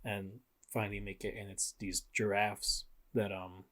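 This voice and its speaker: Low-ish voiced dude cohosting a podcast, relaxed rambly chat, swears a lot. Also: male voice, a little slow. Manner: laid-back, rambling, frequent fillers and swearing. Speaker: podcast co-host. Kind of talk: casual chat.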